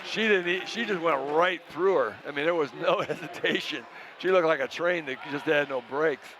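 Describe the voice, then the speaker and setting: A man doing play-by-play commentary for a high school basketball game, calling plays in short, brisk bursts. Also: background noise. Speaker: play-by-play announcer.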